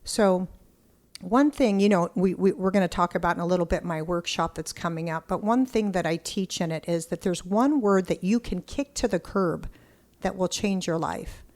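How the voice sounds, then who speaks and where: Middle-aged woman guest, lower-pitched, excitable and blunt, tells stories. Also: moderate pace. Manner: excitable, animated storyteller who acts out quotes; blunt, occasional cursing. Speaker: podcast guest. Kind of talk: casual interview storytelling.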